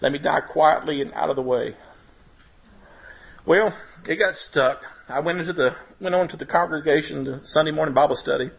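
A man's voice: normal speed, gravelly. Emotional man giving testimony, lo-fi. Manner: emotional, voice rising and breaking at high points. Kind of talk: personal testimony. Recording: dull lo-fi recording.

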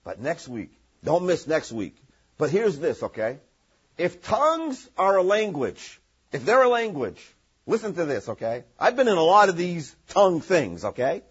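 A man's voice: on the high side, big pitch swings, moderate pace, husky, dull audio. A man from northern Maine preaching a sermon, emphatic and repetitive, often checking in with "okay?". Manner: emphatic, repeats points, frequent "okay?" check-ins. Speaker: pastor.

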